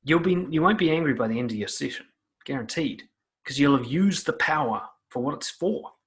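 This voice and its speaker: A man's voice: on the high side, lively intonation, fairly quick. A man giving blunt, profane self-help advice straight to the viewer in an emphatic monologue.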